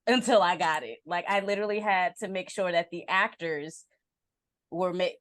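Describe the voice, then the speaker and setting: A woman's voice: on the low side, moderate pace, a bit bright, dry recording, clean studio sound. A woman co-hosting a podcast, chatting casually, laughing easily and restarting her sentences. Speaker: podcast co-host.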